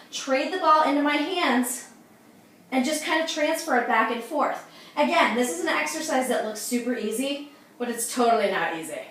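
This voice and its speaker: Breathless high-voiced woman fitness instructor. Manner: upbeat, coaching, says "okay?" and "you guys" often. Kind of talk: exercise demonstration. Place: at home. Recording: echoey room from far off.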